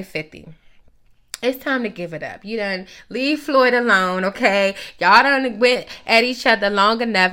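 A woman's voice: high voice, sharp tone. A young woman ranting through celebrity gossip in a blunt, sassy way, swearing constantly. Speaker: gossip commentator. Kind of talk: profane celebrity gossip rant.

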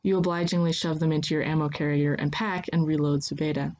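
A woman giving scripted second-person story narration in an even, steady manner. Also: low voice, quick pace, hardly any pauses.

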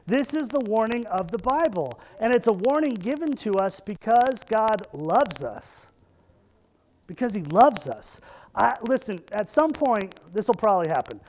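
A man's voice: high-pitched, very animated, a little slow, darkish tone, slight background noise, low-quality recording. A man in his thirties preaching a sermon, emphatic and repeating phrases for stress. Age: 30s. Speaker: pastor.

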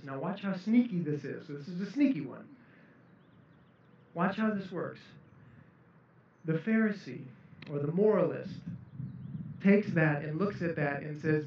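A man preaching a sermon, earnest and building to emphatic peaks. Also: on the high side. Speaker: pastor. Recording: echoey room, distant mic, dull sound.

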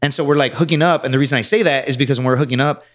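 A man's voice: medium pitch, rapid-fire, fairly bright tone. Rambling, profane male comedian telling stories. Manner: rambling, profane, acts out quotes. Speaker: podcast guest, stand-up comedian. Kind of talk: casual storytelling chat.

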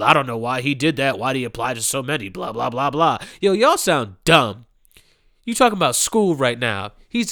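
A man's voice: fairly high pitch, fairly bright tone, clear, resonant tone, dry recording, studio quality. A young adult man giving a profane, ranting commentary, heated and mocking, with emphatic repeated phrases. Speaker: commentary host.

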